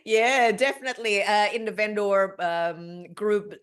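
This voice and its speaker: A woman's voice: mid-range voice, fairly even intonation, measured pace, fairly bright tone. A woman from Indonesia, hosting a podcast interview in a chatty, upbeat way and laughing often. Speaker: podcast host.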